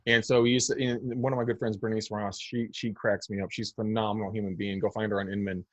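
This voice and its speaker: A man's voice: on the low side, flat delivery, quick pace, no echo. A man from the United States, a guest on a podcast, talking in a blunt, emphatic and snarky way, often repeating words. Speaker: guest real estate agent. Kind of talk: podcast interview.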